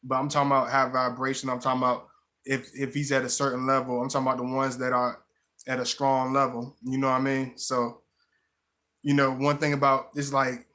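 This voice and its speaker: A man talking casually on a live stream with a bright, forward tone. His pitch stays flat and even as he rambles, restarting and repeating words. He keeps greeting his viewers by name. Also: fairly quick.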